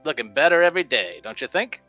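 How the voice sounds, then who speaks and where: A man with a bright, forceful voice plays his character in a tabletop game. He is easygoing and politely formal. The audio sounds muffled and dull, with faint music behind. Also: fairly high pitch, expressive, quick pace. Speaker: player. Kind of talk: in-character play and narration.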